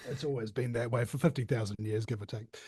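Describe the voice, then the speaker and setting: A man's voice: medium pitch, quick pace, darkish tone, breathy edge. A New Zealand man in his thirties, chatting loosely in an interview with lots of fillers and restarts. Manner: rambling, many fillers and restarts. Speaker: podcast host. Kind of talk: casual interview chat.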